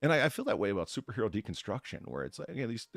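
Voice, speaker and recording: An American man in his thirties holds forth on a podcast in a low, gravelly voice. His pitch rises and falls a lot, and the recording is close and dry. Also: big pitch swings, very fast, no room sound, faint music behind. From United States. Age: 30s. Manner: rambling, swearing, opinionated. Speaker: podcast host. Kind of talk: casual chat, reading news.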